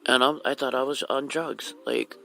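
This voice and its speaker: A woman's voice: rumbling low, normal speed, gravelly, a bit bright, soft background music, rough recording. A woman from Hawaii, a mother, telling her own life story on the radio in a candid, emotional way. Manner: candid, emotional, retells conversations.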